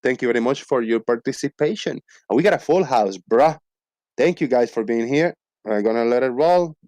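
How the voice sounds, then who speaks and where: A man's voice: medium pitch, animated, a little fast, darkish tone, no echo. A man hosting a casual live voice-chat stream, reading out poll results with playful emphasis. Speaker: host.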